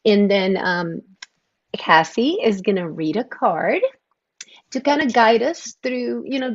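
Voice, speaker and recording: A woman co-hosting a true-crime livestream, chatting casually and greeting viewers by name with bubbly energy. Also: on the high side. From Oklahoma. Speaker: podcast co-host. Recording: dull lo-fi stream audio.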